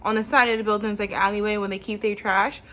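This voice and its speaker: A woman's voice: mid-range voice, level tone, quick pace, fairly bright tone. A woman vlogger with a New York accent telling a long childhood story in a rambling, casual way, full of "like" and "um". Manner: rambling, filler-heavy, lots of "like".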